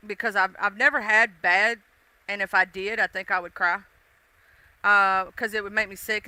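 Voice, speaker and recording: A woman's voice: mid-range voice, pushed and bright, no echo. A woman hosting a casual livestream, chatting playfully with viewers with lots of fillers and laughs. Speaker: livestream host.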